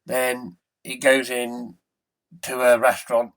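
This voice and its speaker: A man's voice: medium pitch, completely flat delivery, takes it slowly, a bit bright. Man rambling through a film recap. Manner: rambling, self-correcting retelling from memory. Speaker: film reviewer.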